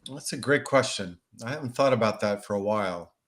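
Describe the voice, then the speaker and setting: A man's voice: lowish voice, brisk, a bit bright. Man as a Russia expert guest, reflective answers with restarts. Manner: thoughtful, with frequent restarts and hedging fillers. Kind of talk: conversational interview answers.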